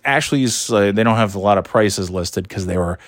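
A man's voice: on the low side, normal speed, no echo, clean studio sound. Casual, swearing man telling a story. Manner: profane, laughing, exasperated, many restarts.

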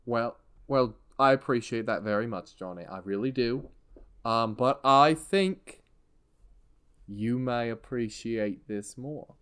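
A man voicing a mysterious all-knowing magic crystal that questions calmly and probingly. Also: slow pace, clean tone. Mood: dismissive. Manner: calm, probing, low-key questions.

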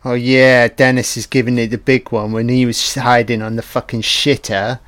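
A man giving a casual, profane audio commentary on a film, reacting excitedly as he watches. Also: medium pitch, normal speed, dry recording.

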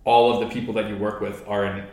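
A man's voice: lowish voice, flat delivery, quick pace, a little mellow. A young man and podcast host telling army stories in a casual, swearing way, full of "like" fillers. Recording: very echoey room.

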